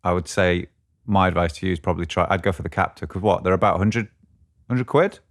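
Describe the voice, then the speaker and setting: A man's voice: low-pitched, fast talker. A man co-hosting a podcast, chatting casually about guitar gear and often thinking aloud as he searches for words. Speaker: podcast co-host.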